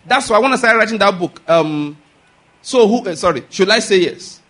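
A man's voice: sits high, animated, moderate pace, a bit bright. A man preaching a sermon as a pastor, pressing his points with repeated questions to the congregation. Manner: emphatic, drills points with call-and-response questions.

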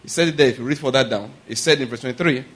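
A man preaching a conversational sermon, often pausing to ask whether listeners are following and chuckling through anecdotes. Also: medium pitch, fairly bright tone, breathy edge. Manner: checks in with "are you getting my point?" and "all right?".

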